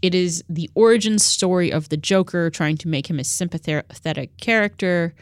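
Lowish, dry-sounding woman co-host. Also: no room sound. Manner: chatty, quick to laugh, restarts. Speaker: podcast co-host. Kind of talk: casual chat.

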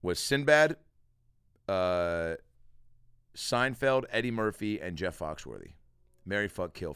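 Guy riffing on his own podcast, animated, dry close mic sound. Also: deep voice, dry recording. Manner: quick, animated plugging and riffing. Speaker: podcast host and comedian. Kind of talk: casual solo podcast monologue.

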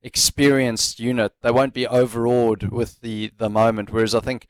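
A man's voice: medium pitch, level tone, moderate pace, no echo. A man hosting a sports talk show, jokey as he introduces a guest. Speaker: host.

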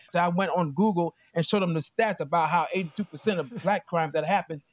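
A man giving courtroom testimony as plaintiff, telling his story in an animated way and acting out what others said. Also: fairly high pitch, a little fast, few pauses, no echo.

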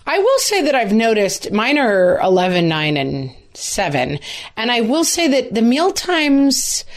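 A woman in her thirties co-hosting a casual podcast chat, telling stories in a wry, animated way. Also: on the high side, unhurried. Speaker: podcast co-host.

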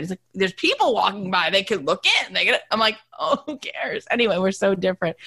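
A woman's voice: no room sound, clean studio sound. A woman in her thirties chatting casually as co-host, telling stories and acting out quotes in a raised voice. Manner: animated storyteller who acts out quotes in a higher voice. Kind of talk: casual chat.

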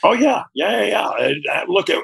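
A former wrestler is a guest in a candid, conversational interview, speaking frankly and reflectively and often asking "you know what I mean?" His voice is high, fairly bright and breathy with vocal fry, delivered briskly with lively intonation.

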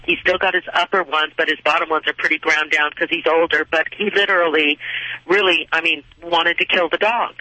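A woman's voice: deep voice, fairly even intonation, brisk, sharp tone, no room sound, poor audio. A woman from Southern California calling in to a radio show, talking in a hesitant, rambling way with many fillers. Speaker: caller. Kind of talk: phone-in question.

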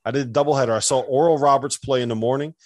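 A man's voice: medium pitch, fairly even intonation, rapid-fire. A man co-hosting a casual sports podcast, telling stories in a chatty, teasing way. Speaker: podcast co-host.

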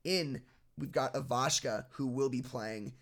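A man's voice: medium pitch, unhurried, a bit bright. A man hosting a casual podcast, steering the segments and reading posts aloud, laughing easily. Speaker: podcast host.

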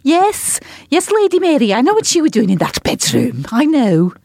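A woman putting on a gloating Scouse blackmailer, her voice pitched far above her own in a sing-song sneer. The delivery is dry and close. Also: wildly swooping pitch, moderate pace, vocal fry, a little mellow, no room sound, exaggerated voice. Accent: Liverpool, mocked.

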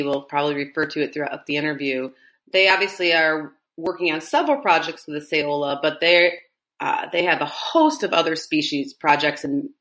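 A woman's voice: sits low, fairly bright tone. A woman with a Midwestern American accent hosting a podcast interview, asking rambling, enthusiastic questions. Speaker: podcast host. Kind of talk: casual interview chat.

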